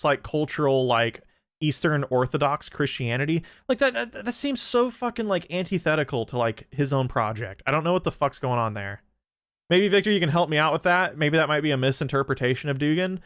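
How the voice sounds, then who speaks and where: A young man hosting a livestream, chatting casually and profanely, with many restarts and animated outbursts. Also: fairly high pitch, dry recording, studio quality. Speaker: streamer host.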